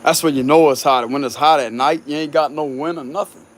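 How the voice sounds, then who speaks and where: A man's voice: on the high side, fairly even intonation, fairly quick. A man with a Cajun accent chatting casually with his supporters as a tarot reader, outdoors on a hot night. He is laid-back, laughs a lot and swears freely. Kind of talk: casual rambling chat.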